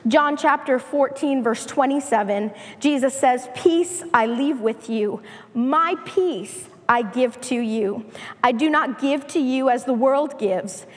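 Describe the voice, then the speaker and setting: A woman preaching a sermon in a slow, emphatic style, repeating her key phrases. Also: high-pitched, long reverb tail.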